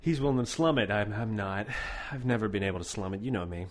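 A man co-hosting a casual chat show, animated and profane, raising his voice for emphasis. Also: fairly low pitch, fast. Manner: animated, swears a lot, shouts for emphasis. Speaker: podcast co-host.

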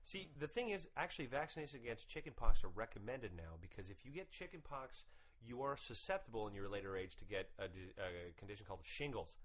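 A man's voice: lowish voice, quick pace, low-quality recording. A man hosting a podcast, talking casually with lots of swearing and rants. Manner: animated, profane, ranting. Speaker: podcast host.

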